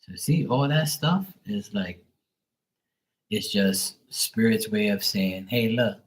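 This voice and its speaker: A man chatting casually on a tarot livestream, telling stories in a profane, animated way. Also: on the low side, slow, low-quality recording. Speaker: tarot reader.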